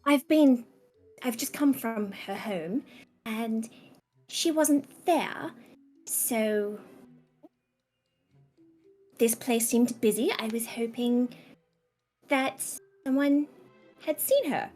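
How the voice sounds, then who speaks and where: A woman's voice: fairly high pitch, extremely slow, long pauses, darkish tone, soft background music. A woman putting on a posh, proper messenger. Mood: earnest. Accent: put-on posh accent. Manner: overly proper, polite questioning. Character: young woman messenger faking a posh, wealthy manner.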